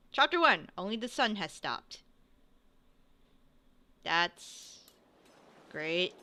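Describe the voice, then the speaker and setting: A woman playing a game on stream, talking casually with a bright, animated voice that swings widely in pitch. She is self-deprecating, laughs a lot, and takes her time between phrases. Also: slow pace, pauses often, smooth. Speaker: let's play host. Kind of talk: casual let's play commentary.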